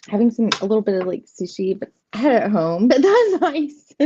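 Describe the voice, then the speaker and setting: A woman's voice: on the high side, sing-song, normal speed, mellow, slight background noise. A woman, hosting a casual live tarot stream, chatty and giggly, rambling and greeting viewers by name. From southeastern United States. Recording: dull lo-fi stream audio, dry.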